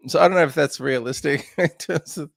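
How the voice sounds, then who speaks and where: A man's voice: a little high, normal speed, vocal fry, no room sound, clean studio sound. A man hosting a podcast, chatting casually about a film with lots of laughs and fillers. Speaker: podcast host.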